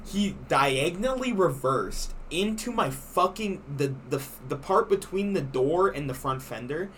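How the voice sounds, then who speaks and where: A young man co-hosting a podcast, telling a story in casual, animated chat and swearing a lot. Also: fairly high pitch, a little slow, slight background noise. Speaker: podcast co-host.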